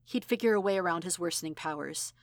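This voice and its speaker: Woman narrator, measured audiobook read, low voice, dry sound. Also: dry recording. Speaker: audiobook reader. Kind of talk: audiobook narration of fan fiction.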